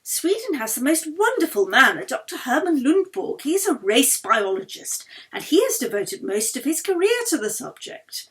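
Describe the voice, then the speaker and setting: A woman's voice: sits high, sing-song, moderate pace, hardly any pauses, fairly bright tone, pitched above the performer's own voice. A woman voicing a gushing, snobbish upper-class older lady who talks in an enthusing, pompous way. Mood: eager.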